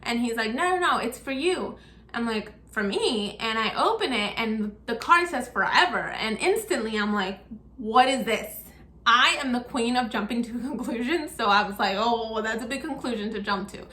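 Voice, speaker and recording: A woman's voice: on the high side, expressive, normal speed, sharp tone. A young woman telling a personal story in a casual vlog, chatty and acting out the dialogue as she retells it. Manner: chatty, acts out quoted dialogue in her retelling. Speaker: vlogger. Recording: echoey room.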